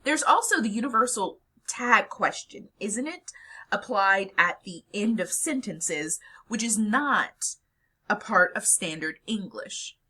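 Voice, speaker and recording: Lively lecturing woman, bright and husky. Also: medium pitch, slow pace. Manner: explanatory, lively, with fillers. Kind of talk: recorded lecture.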